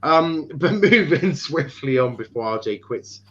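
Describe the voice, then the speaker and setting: A man's voice: fairly high pitch, expressive, a little slow, a bit bright, breathy edge. A man from Ireland hosting a casual football chat stream, teasing his guests and laughing often, with frequent fillers. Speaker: host. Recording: dull lo-fi stream audio.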